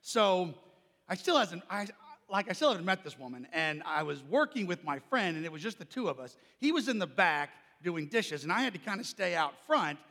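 Animated high-voiced male preacher, gravelly. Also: normal speed, long reverb tail. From Oklahoma. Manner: animated storytelling, loud and carrying. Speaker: pastor. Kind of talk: sermon with personal story.

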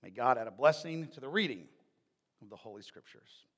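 A pastor preaching a conversational, joking sermon in a church, after reading scripture and leading a prayer. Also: male voice, mid-range voice, brisk, long reverb tail. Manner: animated, conversational, joking asides. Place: church sanctuary.

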